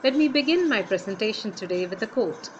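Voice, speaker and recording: A woman lecturing in dentistry, speaking with clear, deliberate teaching delivery. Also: medium pitch, expressive, lo-fi sound, slight background noise. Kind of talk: recorded lecture presentation.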